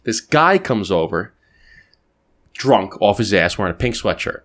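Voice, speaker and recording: A man's voice: on the low side, big pitch swings, measured pace, a bit bright. A man hosting a podcast, telling a long anecdote in casual, profane chat and checking in with "right?" as he goes. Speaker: podcast host.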